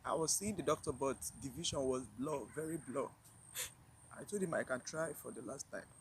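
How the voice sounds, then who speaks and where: A woman tells a personal story to her viewers, emotional and near tears, halting and repeating herself with sighs. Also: extremely low pitch, slight background noise, poor audio. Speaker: vlogger.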